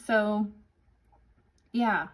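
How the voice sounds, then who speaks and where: A woman in her forties chatting casually to viewers as a budgeting vlogger, upbeat and chatty, counting cash out loud. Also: mid-range voice, drawn-out words, low-quality recording. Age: 40s. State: slightly winded.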